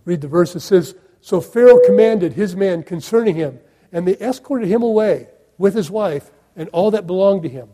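A man's voice: high voice, animated, normal speed. A man preaching a sermon in a conversational way, asking his listeners questions and making sarcastic asides. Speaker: pastor.

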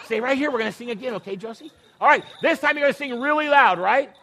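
High-voiced upbeat man coaxing children. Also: bright, forceful tone. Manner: upbeat and coaxing, teasing the kids, quick laughs. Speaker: leader of a children's church Christmas program. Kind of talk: lively emcee talk to children on a stage. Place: church stage with children around.

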